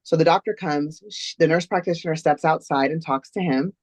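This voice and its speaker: A woman's voice: low voice, a little fast, a little mellow, no room sound. A woman, a guest in an interview, earnestly recounting a personal story step by step.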